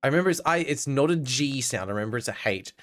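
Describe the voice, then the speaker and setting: Australian man, streamer, casual chat, laughs a lot, medium pitch. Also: lively intonation, fast talker, a bit bright. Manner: chatty, laughs often, answers chat.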